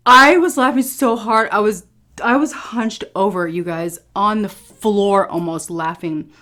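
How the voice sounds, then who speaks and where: A woman's voice: medium pitch, a little slow, a bit bright. A tired woman talking candidly to her viewers in a casual home food vlog, swearing freely and often saying "you guys". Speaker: food vlogger.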